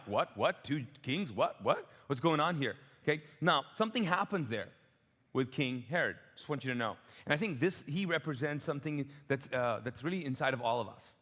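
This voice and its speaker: A man's voice: medium pitch, a bit bright. A middle-aged man from the Middle East, preaching a sermon as a pastor in a church auditorium, conversational and joking, acting out voices. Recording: long hall reverb.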